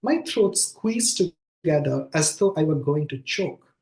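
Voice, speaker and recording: A man reading aloud the quoted lines of an anxious eighteen-year-old woman, in a plain voice pitched slightly higher than his own. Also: expressive, a little slow, darkish tone. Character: anxious young woman, eighteen, breathless with nerves. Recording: echoey room sound.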